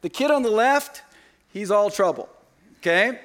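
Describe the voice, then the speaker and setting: A man's voice: high-pitched, lively intonation, a little slow, fairly bright tone. A middle-aged man preaching a sermon as pastor in a church, talking conversationally with joking asides. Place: church sanctuary.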